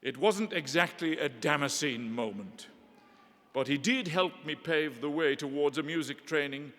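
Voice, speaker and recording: An older man giving a measured, eloquent ceremonial address in a cathedral. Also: a little high, a bit bright. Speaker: honorary graduate giving a speech. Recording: long reverb of a large hall.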